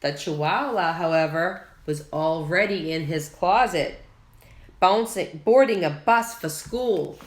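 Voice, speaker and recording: Slow, expressive woman reading a storybook. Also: lowish voice. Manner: slow, expressive read-aloud with character voices. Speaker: children's story reader. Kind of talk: reading a picture book aloud to kids. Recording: echoey room.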